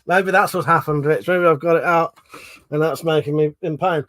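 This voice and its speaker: A man's voice: on the high side, fairly even intonation, moderate pace, a bit bright. A man hosting a casual livestream, rambling, swearing freely and reading viewers' chat aloud. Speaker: livestream host.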